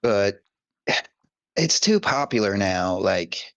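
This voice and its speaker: A man's voice: on the low side, expressive, very slow, a bit bright, no echo, muffled recording. A man co-hosting a casual podcast on a headset, laid-back and rambling, full of fillers. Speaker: podcast co-host. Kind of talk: casual chat.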